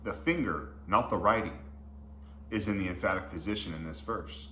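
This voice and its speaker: A man with a fairly low voice leads a casual Bible study, reading verses and then unpacking them in slangy, enthusiastic asides. The recording is roomy and echoey, with a faint hum of noise underneath. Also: moderate pace, pushed and bright. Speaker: Bible teacher.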